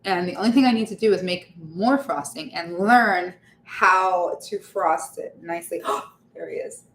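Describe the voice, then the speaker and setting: A woman's voice: lowish voice, measured pace, a bit bright, a little hiss or hum. A woman chatting casually to her livestream viewers while she bakes at home, laughing often and trailing off with fillers. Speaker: vlogger baking on a livestream. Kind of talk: casual chat while baking. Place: home kitchen. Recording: echoey kitchen with faint ambience.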